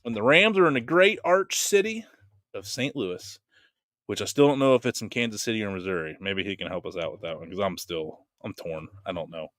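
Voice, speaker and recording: Male podcast host, bright forceful delivery, dry close sound, animated storyteller. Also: lowish voice, a little fast, no room sound. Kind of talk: casual chat.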